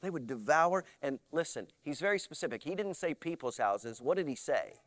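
A man preaching an animated sermon, his voice sitting high. He swings from loud emphasis to hushed asides and slips into mocking voices. The sound is close and dry. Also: moderate pace, no echo. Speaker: pastor.

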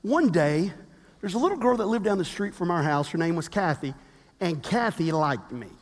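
A pastor in his fifties preaching a sermon with animated storytelling, acting out the quotes he tells. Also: high voice, moderate pace, big-room sound.

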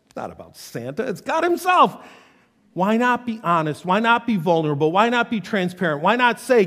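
Man, pastor, sermon, dramatic scripture reading, high lively voice, long hall reverb. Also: normal speed. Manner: reads scripture aloud with dramatic intensity.

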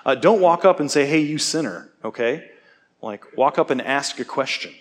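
A man giving a conversational sermon, relaxed and self-deprecating, often checking in with his listeners. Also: medium pitch, normal speed. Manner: casual, self-deprecating, asks "okay?" often. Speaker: preacher.

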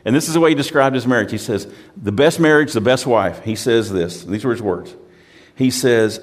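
A man's voice: medium pitch, normal speed. Man preaching in an echoing hall. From United States. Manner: conversational storytelling, repeats words when restarting. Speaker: pastor. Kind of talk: sermon.

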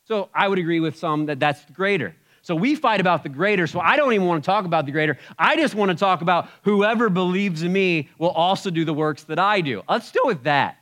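A man preaching a sermon in a conversational way, swinging between loud emphatic bursts and quiet asides. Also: high-pitched, animated, fairly quick, few pauses. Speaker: pastor.

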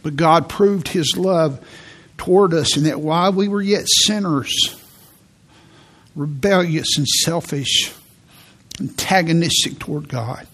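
A man giving a sermon as a pastor, preaching in a church with slow, emphatic delivery and repeated key words. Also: a little high, a bit bright. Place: church sanctuary.

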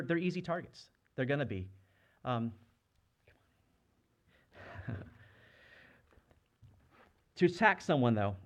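A man in his thirties or younger preaching a sermon, earnest and conversational, often asking the congregation questions. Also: medium pitch. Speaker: pastor.

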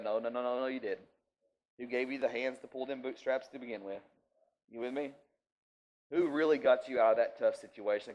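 A man preaching a sermon who moves from quiet, hushed passages to loud, emphatic outbursts and keeps asking his listeners if they follow him. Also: on the low side, rough recording. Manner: swings from hushed to loud and emphatic, asks the crowd questions. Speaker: pastor.

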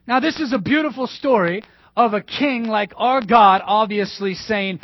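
A male pastor preaching a sermon emphatically, repeating key phrases and dropping to hushed asides. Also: sits high, normal speed, dry recording. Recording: dull dry lo-fi sermon recording.

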